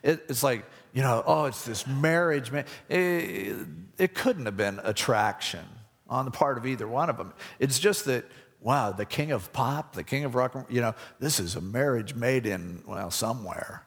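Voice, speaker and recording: A man's voice: mid-range voice, expressive, normal speed, breathy edge, in a large hall. A man preaching a conversational sermon, acting out the voices in his stories. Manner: conversational, acts out voices in anecdotes. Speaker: pastor.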